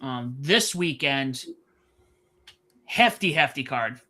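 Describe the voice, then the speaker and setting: A man co-hosting a live wrestling stream, relaxed and jokey, trailing off with fillers. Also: medium pitch, takes it slowly. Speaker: podcast co-host.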